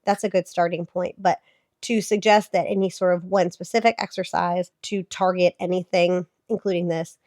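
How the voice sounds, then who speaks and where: A woman's voice: lowish voice, steady tone, normal speed, a little mellow, dry recording, studio quality. Chatty thirtysomething woman with a sick voice. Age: 30s. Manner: chatty, explanatory, filler-heavy. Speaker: fitness vlogger and therapist. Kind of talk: casual reaction commentary.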